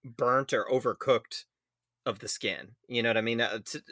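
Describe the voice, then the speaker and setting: A man co-hosting a casual snack-tasting podcast, giving blunt, dry reviews and quick put-downs. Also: medium pitch, steady tone, sharp tone, dry recording. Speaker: podcast co-host, snack taster. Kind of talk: casual comedic chat.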